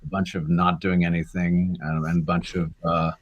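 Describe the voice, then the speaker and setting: A man's voice: low voice, little pitch movement, moderate pace, lo-fi sound. A Canadian man in his sixties, an actor guest, telling rambling stories in a casual interview and acting out voices. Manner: rambling anecdotes, acts out quoted voices.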